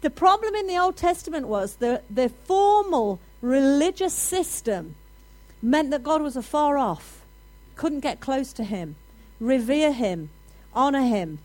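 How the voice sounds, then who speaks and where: A woman preaching a sermon to a congregation, animated and building to loud, emphatic declarations. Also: high voice, a little slow, rough recording.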